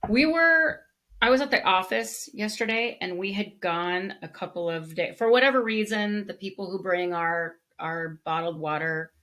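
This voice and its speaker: A woman co-hosting a podcast, telling stories in a casual, animated way with frequent restarts. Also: mid-range voice, normal speed. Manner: animated storyteller with many restarts. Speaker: podcast co-host. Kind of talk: casual conversation.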